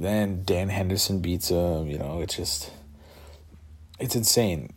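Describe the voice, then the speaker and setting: Tired, rambling man with a low voice. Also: lively intonation, measured pace, breathy edge. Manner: rambling, filler-heavy, laughs to himself. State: tired, yawning. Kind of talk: casual solo talk about combat sports.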